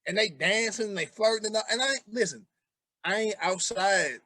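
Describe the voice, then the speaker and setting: A man's voice: high voice, moderate pace, bright, forceful tone, dry recording. A man in his forties co-hosting a podcast, chatting casually in a laid-back way. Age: 40s. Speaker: podcast co-host. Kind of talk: casual chat.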